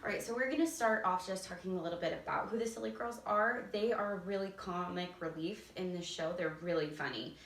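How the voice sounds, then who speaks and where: A woman's voice: on the low side, a little fast, hardly any pauses, fairly bright tone. A woman theater teacher giving casual, enthusiastic stage directions, laughing often. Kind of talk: casual instructional talk. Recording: roomy echo, distant from mic.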